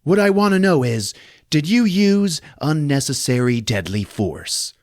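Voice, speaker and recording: A high, prissy news reporter, as a man puts him on, pestering with pushy questions. The whiny delivery swoops up and down, played for laughs in a podcast recap. The sound is dry and close. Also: expressive, a little slow, no echo.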